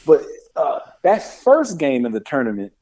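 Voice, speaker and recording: A man co-hosts a casual sports talk show. He is an animated storyteller with a lively, swinging pitch who acts out the people he quotes. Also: moderate pace, poor audio. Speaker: co-host.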